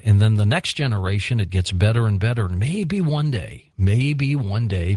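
A man hosting a late-night call-in radio show, talking in a relaxed, conversational way. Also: lowish voice, breathy edge, no room sound. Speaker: radio talk show host.

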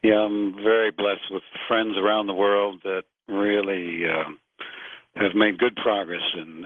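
A man who is a guest on a radio show, answering questions in a soft-spoken, hesitant way with many fillers. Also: low voice, husky, no echo. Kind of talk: interview answers. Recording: phone-like, dry.

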